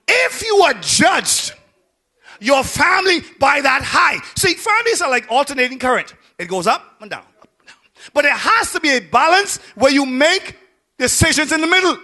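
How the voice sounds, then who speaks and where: A pastor delivers his sermon in a strikingly high voice with a sharp, bright edge. He shouts his big points, then sinks to quiet, low asides. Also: very animated, normal speed. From Bahamas.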